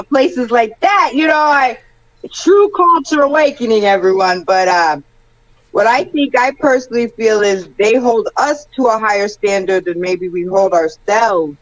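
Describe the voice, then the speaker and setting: A man's voice: sits high, moderate pace, a bit bright, no room sound, dull audio. A man from the Midwest of the United States on a casual panel, reflecting thoughtfully and hedging his opinions.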